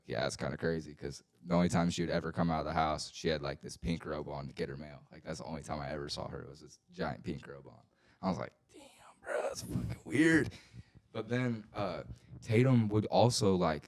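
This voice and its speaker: Low-voiced young man telling rambling stories. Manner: rambling, profane, full of "like" fillers, gets loud and excited at scary parts. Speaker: podcast co-host. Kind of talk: casual storytelling chat.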